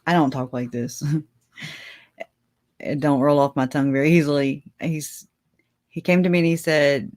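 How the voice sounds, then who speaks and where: A woman's voice: low voice, steady tone, moderate pace, pauses often, a little mellow. A woman hosting a casual livestream, rambling and chatty, laughing often and talking straight to her viewers. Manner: speaks to viewers directly. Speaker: livestream host.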